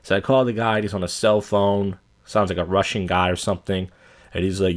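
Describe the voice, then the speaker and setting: A man with a fairly low voice, hosting a podcast in a casual monologue. He rants with plenty of profanity, and his pitch often jumps up as he gets worked up. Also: fairly quick. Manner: profane, animated ranting. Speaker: podcast host.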